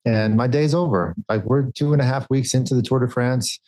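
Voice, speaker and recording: A middle-aged man tells a race story on a casual podcast. He talks in quick bursts and cuts himself off mid-thought, and his pitch sits in the middle. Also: rough recording. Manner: animated anecdote with quick bursts and self-interruptions. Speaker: podcast co-host, former pro cyclist.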